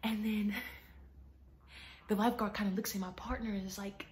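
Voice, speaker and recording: A young woman telling a story to her viewers, talking to them casually and dramatically, and often dropping to a hushed whisper. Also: medium pitch, little pitch movement, moderate pace. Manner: chatty, addresses viewers as y'all.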